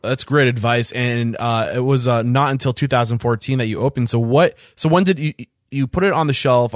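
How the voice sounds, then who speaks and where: A male interview host who circles around his questions, restarting and rephrasing as he goes. His voice is mid-pitched and dry, with no room echo. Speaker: podcast host.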